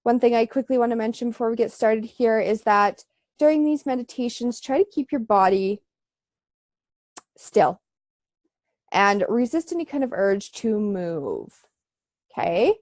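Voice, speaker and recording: A woman leads a live online breathing class in an unhurried, easygoing way, with plenty of fillers along the way. Her voice sounds a little congested. The sound is dry and close, coming through a video call. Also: on the high side, no room sound. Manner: relaxed, chatty instruction with frequent fillers. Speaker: yoga and breathwork teacher.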